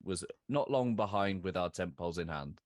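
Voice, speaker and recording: A man hosting a podcast interview, chatty and quick to laugh. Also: sits low, dry recording, clean studio sound. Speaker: podcast host.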